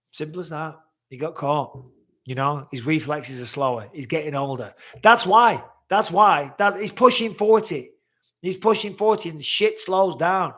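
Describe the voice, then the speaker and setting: A man's voice: a little high, a bit bright. A middle-aged man hosting a live stream, reading viewer questions and answering bluntly with frequent swearing. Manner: blunt, swears freely, reads questions aloud.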